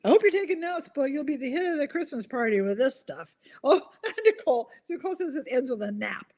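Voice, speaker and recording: A woman's voice: high-pitched, sing-song, a little fast, a little mellow. A woman hosting a casual live chat, reading viewer comments aloud and giggling at her own corny jokes. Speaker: host of a live online chat.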